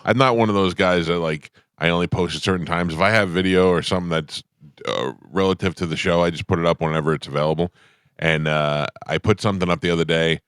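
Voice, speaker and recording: A man's voice: sits low, fairly even intonation, fast talker, a bit bright, clear, resonant tone, no room sound, studio quality. A middle-aged man hosting a radio show, rambling through stories in casual banter with his co-hosts. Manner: rambling storyteller, laughs easily. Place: radio studio. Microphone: studio microphone.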